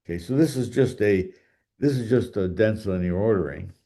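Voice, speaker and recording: A man's voice: fairly low pitch, normal speed, dark tone. A man giving a math lecture, thinking aloud with fillers and restarts and drifting away from the mic now and then.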